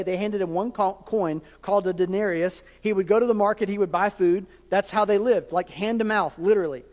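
A man's voice: high-pitched, a little mellow. A man preaching a sermon as a pastor, conversational with jokes and asides to the congregation. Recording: long hall reverb.

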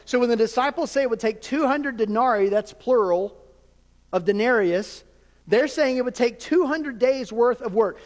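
A man preaching a sermon as a pastor, conversational with jokes and asides to the congregation. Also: high voice. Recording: long hall reverb.

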